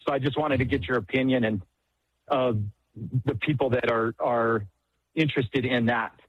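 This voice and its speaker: A man calling in to a radio show, asking his question in a hesitant, halting way. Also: medium pitch, steady tone, muffled recording. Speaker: caller. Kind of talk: phone-in question.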